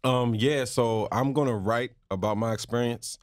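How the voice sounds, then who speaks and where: A man's voice: medium pitch, steady tone, moderate pace, no echo, clean studio sound. A man in his twenties, a guest on a talk show, speaks reflectively and casually, often searching for words. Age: 20s. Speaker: activist guest. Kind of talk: casual conversation.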